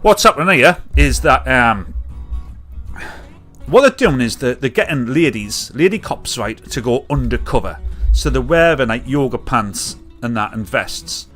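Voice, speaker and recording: A British man hosting a live comedy stream, ranting casually with jokes and loud mimicked honks. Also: mid-range voice, expressive, unhurried, soft background music. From United Kingdom. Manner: chatty, jokey, mimics catcallers with loud honks and whoops. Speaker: livestream comedy show host.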